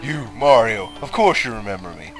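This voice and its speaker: A man's voice: fairly low pitch, animated, moderate pace, faint music behind, lightly acted. A man voicing a boastful young male turtle bully in a game let's play, in a swaggering, foul-mouthed taunting voice. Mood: cocky, taunting. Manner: swaggering, crude trash talk.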